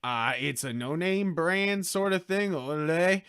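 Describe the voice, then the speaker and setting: A man's voice: high-pitched, expressive, a little slow, fairly bright tone, smooth. A tired man hosting a casual livestream, rambling and jokey, swearing freely and slipping into silly accents. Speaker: livestream host building model kits.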